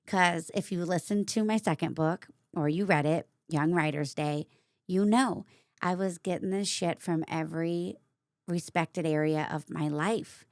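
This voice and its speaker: A woman hosting her own vlog, candidly telling a personal story in a casual, animated way. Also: fairly low pitch, a little slow, dry recording, studio quality. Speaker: vlogger host.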